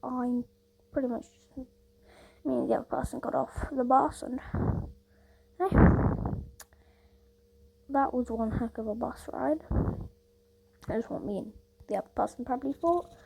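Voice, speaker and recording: A woman tells a story in a loose, rambling way, leaning on "like" and "obviously". Her voice is husky and sits a little high, with a gravelly edge. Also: a little slow, pauses often, mellow, low-quality recording. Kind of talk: casual storytelling.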